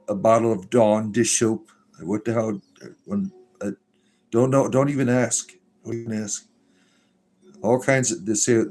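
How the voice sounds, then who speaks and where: A man's voice: fairly low pitch, a little mellow. A man hosting a casual livestream, reading chat messages aloud in a joking, irreverent way and laughing often.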